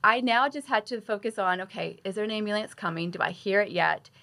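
Guest, female nurse, 30s; animated, conversational storyteller who voices her own past remarks. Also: medium pitch, a little fast, vocal fry.

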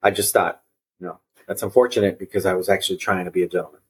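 A man's voice: deep voice, fairly even intonation, fast talker, breathy edge. A man guest on a podcast, telling personal stories in an earnest, reflective way, often repeating and restarting his phrases. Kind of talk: reflective conversational storytelling.

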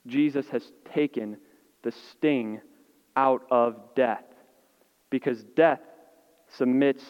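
A male pastor preaching a sermon, earnest, with dramatic pauses and voice dropping soft on key words. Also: mid-range voice, clean tone. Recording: muffled, long reverb of a large hall.

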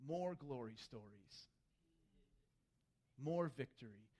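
A man preaching a sermon, animated, acting out the voices he quotes. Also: mid-range voice, slow pace. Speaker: pastor.

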